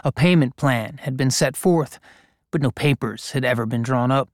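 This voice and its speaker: A man reading a gritty story aloud in a measured, deliberate narration. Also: mid-range voice, no room sound, studio quality. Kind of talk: scripted narration.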